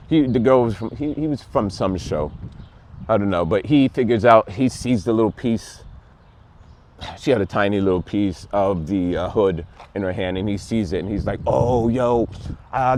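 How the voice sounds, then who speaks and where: A man's voice: mid-range voice, darkish tone. A man giving a casual, rambling and sarcastic review of a TV show, plainly exasperated.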